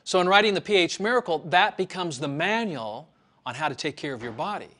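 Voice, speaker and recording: Male author, fairly high pitch, emphatic and preachy, repeats himself. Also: animated, brisk, pushed and bright. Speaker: health author. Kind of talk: promotional monologue.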